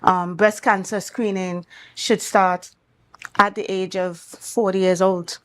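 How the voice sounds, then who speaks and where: A woman with a Trinidad and Tobago accent, a doctor speaking as a guest on a morning talk show, explaining things in a measured, clinical way. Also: mid-range voice, flat delivery.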